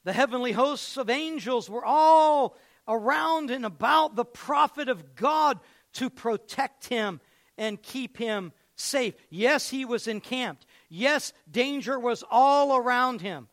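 A man's voice: extremely high pitch, expressive, slow pace, a bit bright. A man preaching a sermon and retelling a story, acting out its scenes.

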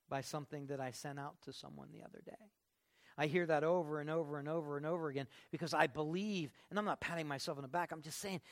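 An older man, a pastor, preaching a sermon in a folksy, conversational way, moving between soft asides and emphatic lifts. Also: a little high.

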